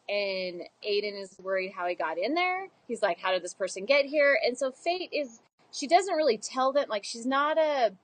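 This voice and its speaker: A young woman book vlogger with a fairly high voice talks animatedly about a book in a casual discussion, giggling and acting out quoted characters. The recording is dry and the audio poor.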